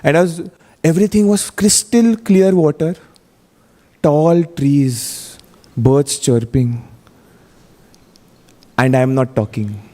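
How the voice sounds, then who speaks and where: A man's voice: on the high side, slow, pauses often, warm tone. A man giving a storytelling sermon at a temple, chatty and full of "you know", often putting questions to his audience. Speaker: guest speaker at a temple feast class. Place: temple hall. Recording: long hall reverb.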